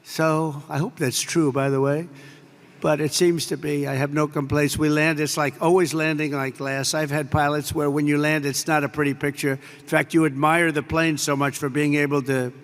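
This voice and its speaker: Older American man, gravelly speech. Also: on the high side, steady tone, normal speed, fairly bright tone. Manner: rambling anecdotes full of superlatives and asides. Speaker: president addressing troops. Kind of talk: off-the-cuff speech to troops. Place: large air base hall. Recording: long reverb from a large hall.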